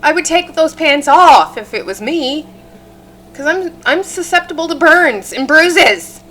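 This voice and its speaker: A channel host reacting to a live-stream clip, chatty and candid as she hands out safety advice. Her voice sits a little high and sounds bright and forceful. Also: lively intonation, measured pace. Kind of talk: reaction commentary.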